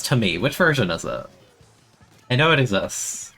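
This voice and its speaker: A young man streaming a game, complaining in an exasperated, self-mocking way, with sudden high-pitched outbursts. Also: very animated, normal speed, pauses often, pushed and bright, breathy edge, soft background music. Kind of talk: casual live-stream commentary.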